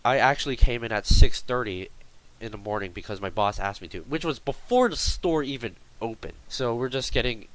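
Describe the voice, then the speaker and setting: A man's voice: medium pitch, lively intonation, a little fast, a bit bright, rough recording. A young man telling a workplace story in a casual, rambling vlog style, full of fillers and exaggeration.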